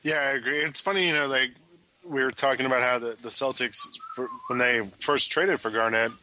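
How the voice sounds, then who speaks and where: A man co-hosting a casual basketball podcast, giving measured, thoughtful takes. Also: medium pitch, pushed and bright, low-quality recording. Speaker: podcast co-host.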